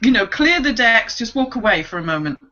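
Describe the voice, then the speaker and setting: A woman, co-hosting a casual online chat, animated and laughing often as she acts out voices. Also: fairly high pitch, a little fast, muffled recording. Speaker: co-host.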